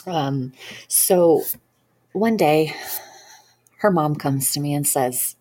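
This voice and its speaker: A woman's voice: deep voice, slow, warm tone. A woman practitioner telling a personal story in an earnest, rambling way with many fillers. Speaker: hypnosis practitioner.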